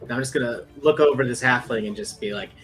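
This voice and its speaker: A man playing a tabletop game, calling his rolls in a relaxed, matter-of-fact way. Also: mid-range voice, fast talker, soft background music. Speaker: player. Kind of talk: casual tabletop play.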